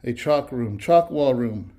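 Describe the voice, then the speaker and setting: A man's voice: mid-range voice, lively intonation, measured pace, warm tone. A man out of breath from walking, eagerly touring an empty church building and talking straight to viewers. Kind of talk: casual walkthrough vlog.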